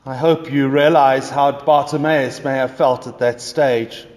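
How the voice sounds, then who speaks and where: A man's voice: mid-range voice, fairly even intonation, measured pace, darkish tone. A man preaching a sermon, telling a story dramatically in the second person. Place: church. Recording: echoey church reverb.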